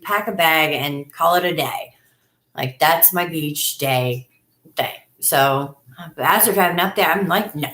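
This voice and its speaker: A woman, hosting a casual live stream from home and chatting effusively with viewers on a webcam. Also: fairly bright tone. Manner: chatty and effusive, often acts out her own past lines in a higher voice. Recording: echoey room sound.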